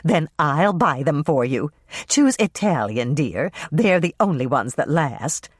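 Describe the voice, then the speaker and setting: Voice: medium pitch, very animated, measured pace, no room sound, studio quality. An audiobook narrator voicing Dolores, a proud and bossy mother who talks in a grand, condescending way.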